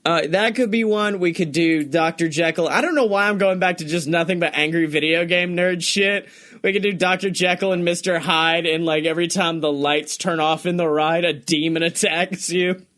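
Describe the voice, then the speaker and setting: A young man co-hosting a podcast, chatting casually, excited and swearing often, laughing as he talks. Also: on the high side, moderate pace. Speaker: podcast co-host. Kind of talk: casual chat.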